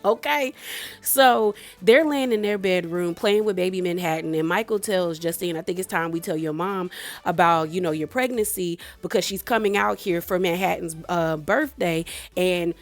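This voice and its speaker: Animated woman recapping reality TV. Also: on the low side, normal speed, soft background music. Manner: animated, laughs often, acts out quotes. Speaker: reality TV reviewer. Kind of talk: casual recap and commentary.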